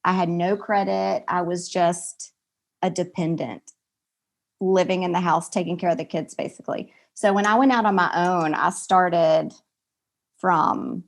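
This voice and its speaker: A woman in her forties, a podcast guest chatting casually and acting out family conversations with lively energy. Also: fairly low pitch, measured pace, vocal fry. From American South. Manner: animated storyteller, acts out family dialogue loudly. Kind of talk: casual chat.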